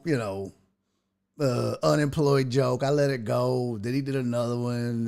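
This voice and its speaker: A man hosting a podcast, telling a story in casual chat, swearing freely and building to loud rants. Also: mid-range voice, takes it slowly, creaky, long pauses. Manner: profane, animated, rising to loud rants. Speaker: podcast host.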